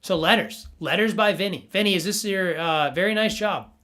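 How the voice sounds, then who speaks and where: A man's voice: high voice, moderate pace, bright, forceful tone. Rambling young man hosting a stream. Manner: rambling, stammering, playful, talks to chat. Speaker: livestream host reviewing NFT art. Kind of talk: casual livestream chat.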